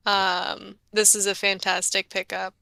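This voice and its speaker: A woman co-hosting a casual draft show, upbeat and quick to laugh. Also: mid-range voice, little pitch movement, creaky, pushed and bright, no echo.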